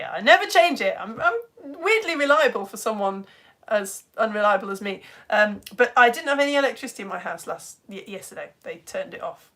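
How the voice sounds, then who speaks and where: A woman teaching a live online lesson chats with viewers, greeting them by name and making jokes at her own expense. Her voice is a little high with a fairly bright tone, captured on a home streaming setup.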